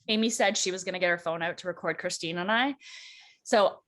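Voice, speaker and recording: Female co-host, casual chat, animated storyteller who slips into quoted voices. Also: on the low side, fairly quick. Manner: animated, acts out quoted voices, laughs often. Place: church.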